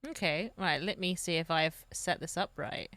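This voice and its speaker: Bright animated woman hosting a chat. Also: deep voice, normal speed, dry recording. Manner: animated, swears, rising emphasis. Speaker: show host. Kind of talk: casual live-stream chat.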